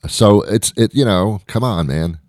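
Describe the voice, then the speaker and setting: A man's voice: on the low side, unhurried, a little mellow, no echo, studio quality. A man hosting his own podcast, rambling through a self-deprecating comic monologue full of fillers and restarts. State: out of breath. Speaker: podcast host.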